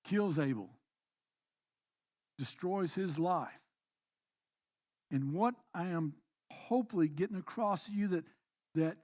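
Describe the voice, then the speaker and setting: High-voiced man preaching a sermon. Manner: preaching with swings between quiet reflection and emphatic exhortation. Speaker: pastor. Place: church.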